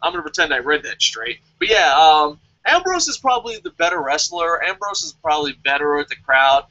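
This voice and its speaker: Man, high voice, swoops all over, bright edge, muffled lo-fi audio, joking rant. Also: a little fast. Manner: animated, profane, joking, reads viewer comments aloud. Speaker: wrestling review vlogger. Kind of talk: casual rant reviewing a show.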